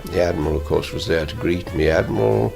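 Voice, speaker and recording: A man's voice: very deep voice, level tone, quick pace, gravelly, music in the background. An older man, a former governor, recalling an old royal visit in a chuckling, rambling way with many restarts. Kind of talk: anecdotal interview recollection.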